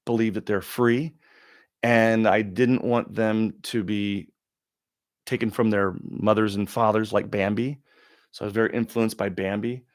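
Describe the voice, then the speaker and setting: Low-voiced man rambling on a livestream. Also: no room sound, studio quality. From Oregon, USA. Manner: rambling, confessional, with long pauses and restarts. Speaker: livestream host. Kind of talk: casual livestream Q&A monologue.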